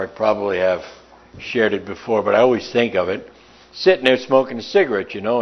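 A man's voice: on the low side, slightly rough. A man preaching a sermon in a folksy, emphatic way, telling stories and reading scripture, in a lo-fi recording.

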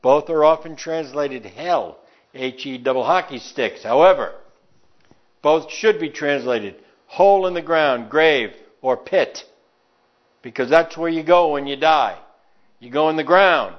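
New york preacher guy, emphatic sermon, voice sits kinda high, dull lo-fi sound. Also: measured pace. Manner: emphatic, stretches words for stress. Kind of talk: sermon with scripture reading.

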